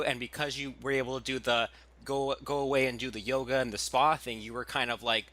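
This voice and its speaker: Bright-toned male podcast host. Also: mid-range voice, brisk. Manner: relaxed, thinks aloud with many restarts and fillers. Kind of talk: casual interview chat.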